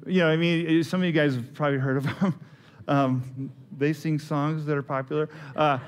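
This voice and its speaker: A man's voice: on the high side, fairly even intonation, moderate pace. A man, preaching a sermon in a casual, storytelling way with asides to the congregation. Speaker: pastor.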